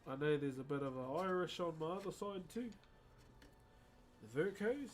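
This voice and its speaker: A man's voice: fairly high pitch, animated, normal speed. Easygoing New man streaming. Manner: easygoing, chatty, addresses viewers as guys and bro. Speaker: live streamer and wood carver. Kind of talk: casual live-stream chat while carving.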